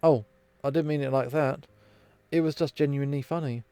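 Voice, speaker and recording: A man's voice: a little high, fairly even intonation, brisk, warm tone, clean tone, no echo, close to an everyday voice. A man voicing a polite young woman protagonist who speaks in an awkward, apologetic way.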